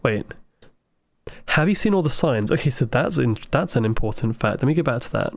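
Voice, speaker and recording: A man livestreaming a puzzle game, thinking aloud with excited asides to his chat. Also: medium pitch, a little fast, vocal fry, dry recording. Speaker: game streamer. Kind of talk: live gameplay commentary.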